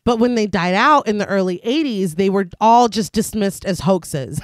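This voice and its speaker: A woman's voice: mid-range voice, animated, moderate pace, no echo, studio quality. A woman co-host of a podcast, narrating a film's plot in a casual recap and laughing often.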